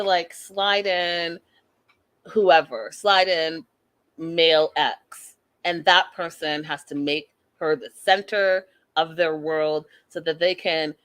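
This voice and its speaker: A woman hosting a casual reality TV recap, talking in an animated, exasperated, gossipy way. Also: mid-range voice. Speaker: host.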